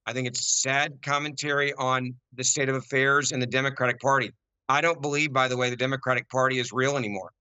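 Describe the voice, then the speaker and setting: A forceful American man pressing his point in a heated political debate, hammering the same phrases again and again. His voice comes across bright and crisp, and the sound is close and dry with no room around it. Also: mid-range voice, steady tone, fast talker, dry recording, highs cut off. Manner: forceful, emphatic, repeats key phrases. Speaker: panel guest.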